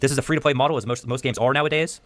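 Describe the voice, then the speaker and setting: A man's voice: medium pitch, fairly even intonation, rapid-fire, a bit bright. A man hosting a video essay, reading passages aloud and commenting on them, often tacking on "okay?". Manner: reads excerpts aloud and comments, tacks on "okay?". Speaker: host.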